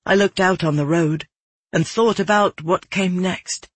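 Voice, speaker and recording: Husky man narrating an audiobook. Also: sits high, dry recording. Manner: measured, descriptive. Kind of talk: scripted narration.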